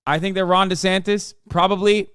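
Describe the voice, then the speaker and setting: A man's voice: sits high, fairly even intonation, a little fast, a bit bright, smooth, no echo, clean studio sound. A man in his thirties streaming casual, profane commentary on a political debate, sarcastic and mocking. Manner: sarcastic, swears a lot, mocks in put-on voices.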